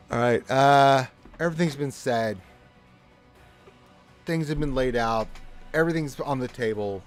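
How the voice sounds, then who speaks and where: A man's voice: mid-range voice, measured pace, pauses often, faint music behind. A man running a tabletop game as game master, exasperated and explaining the lore at length.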